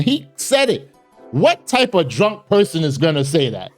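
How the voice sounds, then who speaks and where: Male commentary host, lively swinging pitch, slangy and emphatic, casual reaction talk. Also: a little slow, soft background music.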